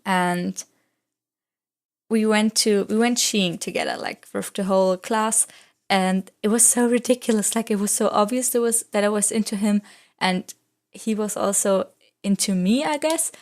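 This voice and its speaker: A woman's voice: medium pitch, measured pace. Rambling young woman vlogger. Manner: rambling storytelling, full of "like" fillers; non-native English speaker. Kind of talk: casual chatty voice-over.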